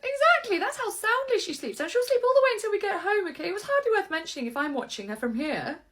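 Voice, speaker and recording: A woman's voice: very high voice, big pitch swings, fast, fairly bright tone, voice pushed up, heavily acted. A woman playing a mother in a comedy sketch who breezily brushes off every concern in a dismissive, sing-song manner.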